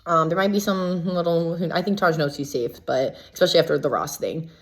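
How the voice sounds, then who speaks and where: A woman casually recapping events as a reality show contestant, chatty and full of "like" fillers, lively when she quotes others. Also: sits low, a little fast. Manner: chatty, filler-heavy with constant "like"; gossipy and animated when quoting others.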